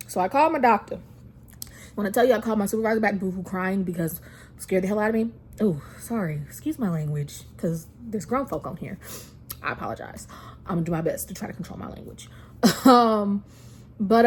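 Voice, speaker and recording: A woman's voice: mid-range voice, a little mellow. A woman in her twenties telling a personal story to camera in a chatty way, full of fillers and restarts, and near tears at times. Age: 20s. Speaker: vlogger.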